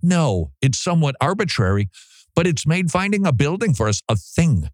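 A man's voice: a little high, very animated, moderate pace, no echo. A man hosting a radio show from a studio, talking casually, joking and laughing often. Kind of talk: casual talk-radio monologue. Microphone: studio mic.

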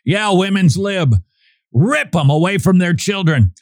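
A man's voice: high voice, lively intonation, measured pace, voice pushed up. A man putting on the voice of a sarcastic male TV pundit, delivered with exaggerated mockery.

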